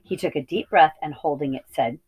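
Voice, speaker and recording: Low voiced lady reading a kids book aloud, steady, fixes little slips as she goes. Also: brisk, breathy edge, poor audio. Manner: steady reading with small slips and self-corrections. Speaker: reading teacher. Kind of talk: storybook read-aloud.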